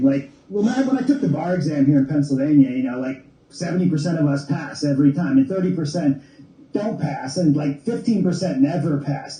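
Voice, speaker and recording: Male lawyer guest, explanatory, lots of "like", very dark tone, echoey. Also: a little high. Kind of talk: casual podcast chat. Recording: echoey room.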